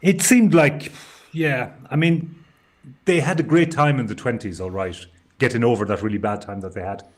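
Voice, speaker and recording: A man's voice: mid-range voice, normal speed. A man from Ireland co-hosting a live stream, chatting in a wry, storytelling way. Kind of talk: casual live-stream chat.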